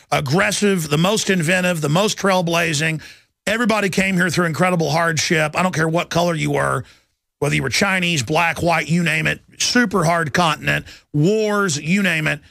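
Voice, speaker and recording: A man with a gravelly, fry-laden voice, ranting hard as a talk radio host. His tone is bright and forceful, and he delivers it close on a studio mic with a dry, dead sound. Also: on the high side, no echo. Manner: intense and combative, mocking impressions of others.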